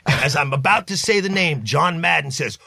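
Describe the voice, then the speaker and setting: A middle-aged man from California telling animated, profane stories in a casual studio chat. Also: a little high, brisk, gravelly, breathy edge, dry recording. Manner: animated, profane storytelling with acted-out quotes. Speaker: guest, streetwear brand founder. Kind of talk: casual storytelling. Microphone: studio mic.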